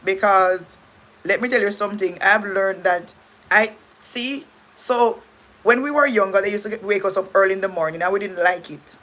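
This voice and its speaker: A middle-aged Jamaican woman talks casually on her livestream, with a bright, sharp-edged voice at an ordinary pitch. She rambles and restarts her sentences and thanks her viewers between thoughts. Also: moderate pace. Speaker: livestream host.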